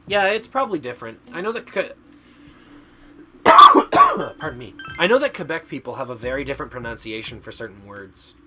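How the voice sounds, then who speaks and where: A man's voice: on the high side, huge pitch swings, normal speed, pauses often, over music. A man streaming a video game, chatting casually and rambling, often stumbling over his words. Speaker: VTuber streamer. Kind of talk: casual gaming stream chat.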